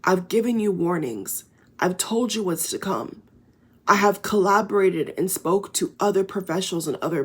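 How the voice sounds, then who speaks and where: A woman's voice: mid-range voice, slightly rough. A woman talking straight to her viewers in a casual spiritual vlog, earnest and emphatic, with filler words and swearing. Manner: earnest and emphatic, addresses viewers as guys, frequent you know and swearing. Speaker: spiritual vlogger. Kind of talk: casual direct-to-camera monologue.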